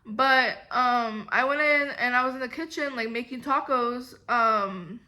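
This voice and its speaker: A woman's voice: fairly high pitch, measured pace, pushed and bright. A young woman telling a rambling storytime vlog about her past jobs, full of "like" and "um". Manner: rambling, filler-heavy storytelling. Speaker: vlogger.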